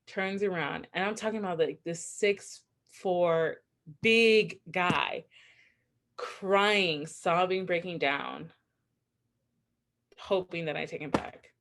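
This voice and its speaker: A woman with a somewhat low voice co-hosts a podcast and tells a personal story. She talks in a loose, chatty way, sprinkling in "like" and poking fun at herself. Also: takes it slowly, gravelly, fairly bright tone. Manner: chatty, frequent "like" fillers, candid and self-mocking. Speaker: podcast co-host. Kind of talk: casual storytelling chat.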